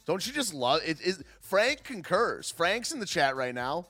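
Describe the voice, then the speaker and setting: A man's voice: sits high, sing-song, a little slow, pushed and bright, faint music behind. A man hosting a live stream, ranting casually in a sarcastic, wry way and talking to his chat. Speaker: livestream host.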